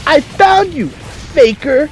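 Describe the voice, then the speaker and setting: A man's voice: extremely high pitch, big pitch swings, slow pace, a little mellow, faint music behind, voice pushed up, full character voice. A man voicing a cocky young male hedgehog hero with a brash, taunting manner.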